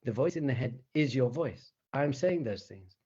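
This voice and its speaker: Animated man teaching, chuckling often. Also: mid-range voice, moderate pace, breathy edge, lo-fi sound. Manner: animated, chuckles often, asks rhetorical questions. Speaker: rabbi teaching meditation. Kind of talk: conversational teaching talk.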